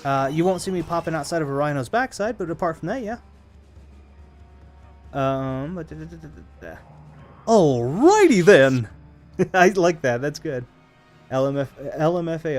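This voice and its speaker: A man streams a video game and chats with his viewers in a rambling way, humming between remarks. His voice sits a bit high for a man. Faint music plays in the background. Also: normal speed. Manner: chatty and rambling, answering viewers while playing. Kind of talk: casual live-stream commentary.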